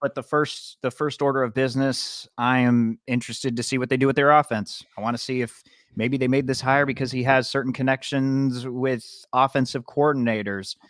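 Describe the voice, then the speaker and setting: A man's voice: mid-range voice, fairly even intonation, a little fast, a bit bright, dry recording, clean studio sound. British-born man in casual sports chat. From Britain. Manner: rambling, self-correcting opinions. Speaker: podcast co-host.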